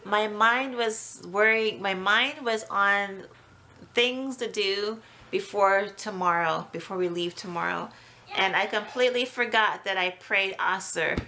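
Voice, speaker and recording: A woman's voice: medium pitch, takes it slowly, sharp tone. A woman vlogging at home, panicky and exclamatory, repeating herself while searching a storage room. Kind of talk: casual home vlog. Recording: noisy home video.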